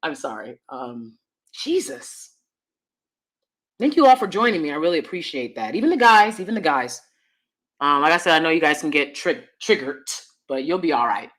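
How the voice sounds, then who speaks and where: This host is an American woman on a casual livestream, reading the chat at a moderate pace. She's blunt and animated, her voice flipping from high to deep, with laughing side comments along the way.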